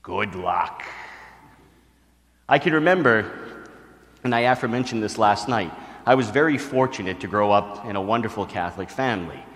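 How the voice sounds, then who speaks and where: A man's voice: lowish voice, brisk, fairly bright tone, in a large hall. A male priest giving a retreat sermon, telling stories and asking his listeners questions. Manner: storytelling, talks to the crowd with questions.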